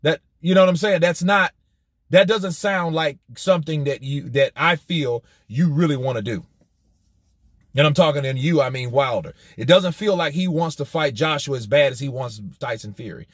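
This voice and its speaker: Animated, profane boxing commentator. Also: male voice, fairly high pitch, normal speed, no echo, clean studio sound. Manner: animated, profane, rhetorical questions. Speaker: boxing news channel host. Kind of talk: commentary vlog.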